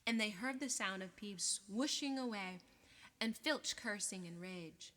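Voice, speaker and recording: A woman reading an audiobook aloud in a measured, expressive way. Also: mid-range voice, a little hiss or hum. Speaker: audiobook reader. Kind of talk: audiobook narration. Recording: long reverb.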